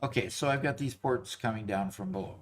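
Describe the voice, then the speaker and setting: A man streaming a factory-building game, thinking aloud in a halting, self-correcting way while fighting off hiccups. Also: medium pitch, a little hiss or hum. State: has hiccups. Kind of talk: casual gameplay chat.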